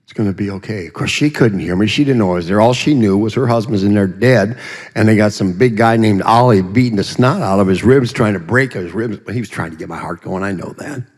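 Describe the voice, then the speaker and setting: A man speaks from the front of a church sanctuary, his fairly low voice trailing into a long hall reverb. He tells his testimony in a folksy, storytelling way, full of humorous asides and vivid pictures. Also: brisk, darkish tone. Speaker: guest speaker giving a testimony.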